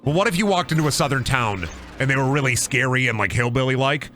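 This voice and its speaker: A man's voice: mid-range voice, fast talker, a bit bright, slight background noise. A man streaming a game, rambling and joking about wrestling in casual commentary. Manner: rambling, jokey, riffs on wrestling bits. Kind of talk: casual let's-play commentary.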